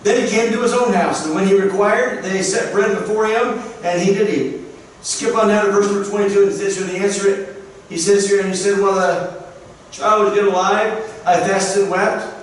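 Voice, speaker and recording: A pastor with a high voice preaching earnestly, repeating himself for emphasis. The room is strongly echoey, and he is picked up from a distance. A faint hiss sits underneath. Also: steady tone, brisk. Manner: earnest storytelling, emphatic repetition. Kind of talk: sermon. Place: church sanctuary.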